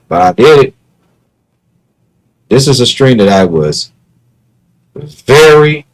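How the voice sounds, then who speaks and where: A man's voice: medium pitch, low-quality recording. A man talking casually on his own livestream, earnest and repetitive, often restarting his words. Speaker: live streamer.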